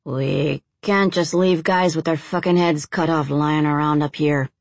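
Blunt, foul-mouthed crime boss voiced by a woman, low and dry, audiobook read. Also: fairly even intonation, a little slow, creaky, no room sound. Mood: arguing. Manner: blunt, profane, argumentative. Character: hardened male crime boss, profane. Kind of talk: audiobook character voice.

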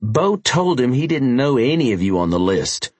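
An urgent young biker man, pitched well above the narrator's own deep register, as a male reader puts him on. He presses his warnings in a rushed, keyed-up way. The audiobook's recording is close and dry. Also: big pitch swings, a little mellow, no echo.

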